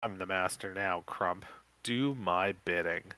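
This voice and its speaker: A man's voice: low-pitched, takes it slowly, sharp tone, no room sound, heavily acted, poor audio. A man reading as a commanding zombie-hunting uncle. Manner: commanding, encouraging. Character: determined adult male uncle, zombie hunter.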